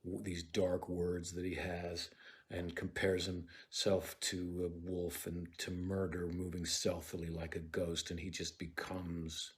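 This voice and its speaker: A man giving a casual lecture on a play, retelling scenes with profane, lively asides and reciting verse lines, sometimes dropping into a whisper. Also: low voice, slow pace. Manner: casual and profane, many fillers and restarts.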